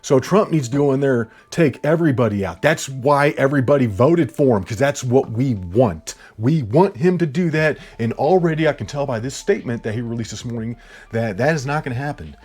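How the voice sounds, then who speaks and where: A man delivers a ranting political commentary, loud and heated, close to yelling the whole time. He talks bluntly with swearing and hammers his points over and over. A little music plays faintly behind him, and his pitch sits in an ordinary middle range. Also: fairly quick, breathy edge. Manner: repetitive, blunt, profane.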